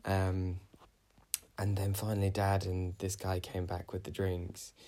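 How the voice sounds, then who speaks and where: A young man co-hosting a podcast recounts a dream in casual chat, rambling with lots of "um"s and "I was like". His voice is low, warm, monotone, and unhurried.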